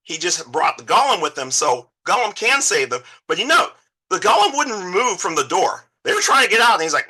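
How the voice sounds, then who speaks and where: A man's voice: sits high, sing-song, a little fast, pushed and bright, breathy edge, rough recording. A man co-hosting a casual film discussion, talking animatedly and acting out characters with exaggerated voices. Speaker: podcast co-host.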